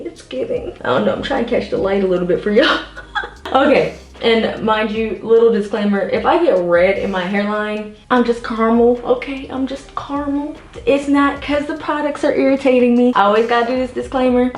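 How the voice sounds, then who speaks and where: A young woman chatting casually to her viewers while doing her hair, a little out of breath, with laughing asides. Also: mid-range voice. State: a bit out of breath from styling. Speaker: beauty vlogger. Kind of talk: casual hair vlog talking to camera. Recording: roomy echo.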